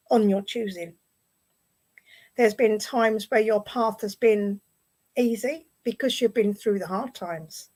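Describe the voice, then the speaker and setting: Speaking with an English accent, a medium at a spiritualist service delivers a clairvoyant message, gently reassuring and frequently repeating her phrases. Her voice sits a little high, and the online video stream gives poor audio.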